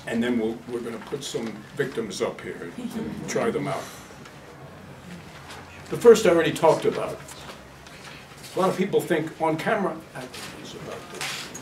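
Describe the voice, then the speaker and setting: A man's voice: medium pitch, animated, moderate pace, pauses often, noisy background. A man leading an acting workshop for a class, blunt and demonstrative, laughing often as he talks. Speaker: acting teacher. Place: workshop room with a live class. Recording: echoey room, mic far off.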